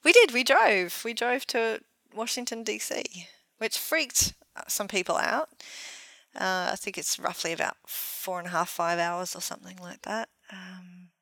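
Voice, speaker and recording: A woman's voice: medium pitch, a little slow, gravelly, sharp tone, dry recording, rough recording. A woman, co-hosting a podcast in casual, chatty talk, laughing often and poking fun at herself. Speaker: podcast co-host. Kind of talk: casual chat.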